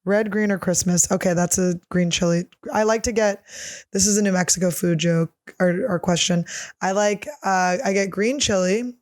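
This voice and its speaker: A woman's voice: mid-range voice, normal speed, a little mellow, no room sound, clean studio sound. A woman comedian in her thirties, answering listener questions in a casual solo chat, blunt, crude and self-mocking.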